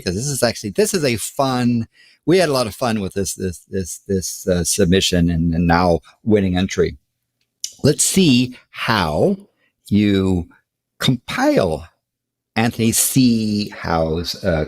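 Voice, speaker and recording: A man's voice: deep voice, lively intonation, unhurried. Hesitant American man presenting code. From United States. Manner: hesitant, many fillers and restarts. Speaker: contest co-host. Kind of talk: casual presentation of contest entries.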